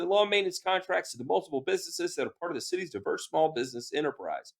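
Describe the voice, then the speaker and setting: A man co-hosting a podcast, reading news items aloud and breaking off into animated personal anecdotes. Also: fairly high pitch, rapid-fire, vocal fry, hardly any pauses. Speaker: podcast co-host.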